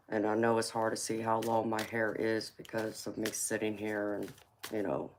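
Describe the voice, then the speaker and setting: A woman with a Southern US accent doing a chatty live-stream tarot reading, speaking in a relaxed drawl and calling her viewers y'all. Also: a bass voice, background noise. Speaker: tarot reader.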